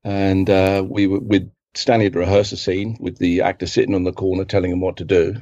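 A man's voice: sits low, little pitch movement, brisk, mellow, no room sound, muffled recording. A middle-aged man from England with a London accent, a guest telling rambling film-set stories and correcting himself as he goes. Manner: rambling, self-correcting, acts out quotes in other voices. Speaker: guest, film assistant director. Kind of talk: casual anecdotal storytelling.

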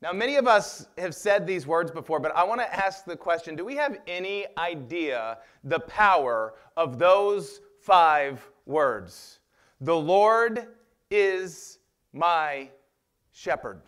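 High-voiced energetic male pastor preaching. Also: unhurried, few pauses. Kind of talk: sermon.

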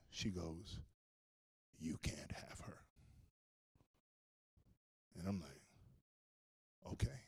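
A male pastor preaching a sermon, telling a story with animated swings between loud and hushed. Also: mid-range voice.

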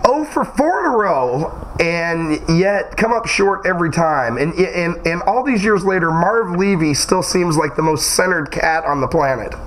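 A man's voice: a little high, expressive, moderate pace, hardly any pauses, a bit bright, a little hiss or hum, poor audio. A man interviewing a guest, chatty and teasing, who laughs easily. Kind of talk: casual interview questions.

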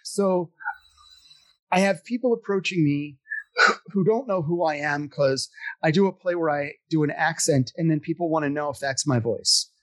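A man's voice: on the high side, normal speed, no echo. Self-deprecating man telling theater stories. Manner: self-deprecating, animated, acts out quoted voices. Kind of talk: casual storytelling chat.

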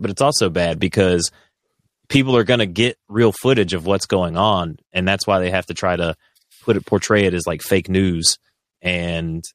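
A man co-hosting a podcast, talking in a casual, rambling, animated way with frequent restarts. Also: low voice, no room sound, clean studio sound. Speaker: podcast co-host.

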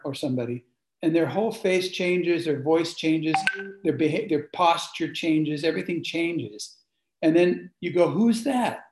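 A man's voice: a little high, darkish tone. A man leading a workshop, speaking informally and asking the group questions. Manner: conversational, asks the audience questions. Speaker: workshop leader. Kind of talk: informal teaching talk to a group. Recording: echoey room.

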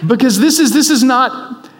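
A man with a high voice preaches a sermon, talking in a conversational, self-deprecating and emphatic way. His voice rings out with a long reverb, as if he is in a large church hall. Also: moderate pace, a faint crowd.

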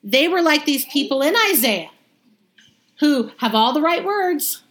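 A woman reading scripture aloud and then explaining it in a lively, conversational way, as a Bible study teacher. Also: high-pitched, unhurried. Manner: lively, conversational, acts out the crowd's reactions.

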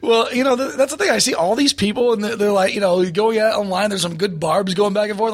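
A man's voice: sits high, fast talker, hardly any pauses, husky. A man from Orange County, California, a comedian telling stories in casual chat, acting out voices and swearing. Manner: animated storyteller, acts out voices, swears. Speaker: stand-up comedian guest.

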